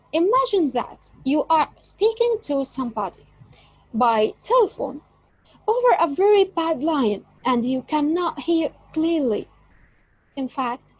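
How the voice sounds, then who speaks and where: A woman teaching an English lesson, speaking deliberately and stressing key words. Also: sits high, no echo, poor audio. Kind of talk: slow explanatory lesson.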